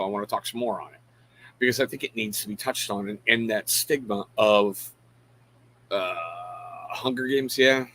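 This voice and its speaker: A man's voice: medium pitch, a bit bright, low-quality recording. A middle-aged man hosting a casual live stream. He rambles frankly, pokes fun at himself and greets chat viewers by name between thoughts. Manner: frank, self-deprecating. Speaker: live show host.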